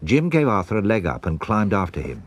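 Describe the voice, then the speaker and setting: A man narrating a children's storybook in an expressive, measured way. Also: fairly low pitch, a little hiss or hum. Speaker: audiobook narrator.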